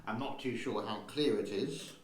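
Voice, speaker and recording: A man's voice: on the low side, moderate pace, echoey room. A man hosting a casual vlog from his home studio, chatting in a rambling way and talking to his cat between points. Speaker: channel host.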